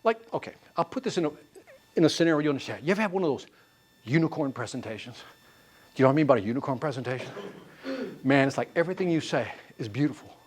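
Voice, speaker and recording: A man leading a live sales training class, quizzing the room with quick questions and answers. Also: mid-range voice, slightly rough. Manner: animated, quizzing the class with call-and-response questions.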